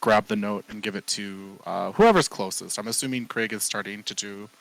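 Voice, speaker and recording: A man's voice: fairly low pitch, normal speed, vocal fry, a bit bright, dry recording, low-quality recording. A man playing his character in a tabletop game, talking in wry, playful banter over an online call. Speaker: player. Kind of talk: in-character tabletop role-play.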